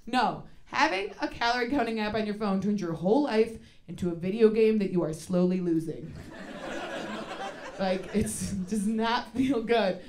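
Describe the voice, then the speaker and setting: A woman doing a stand-up comedy set in a club, sarcastic and self-deprecating, with loud bursts on a stage mic. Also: fairly high pitch. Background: audience laughter.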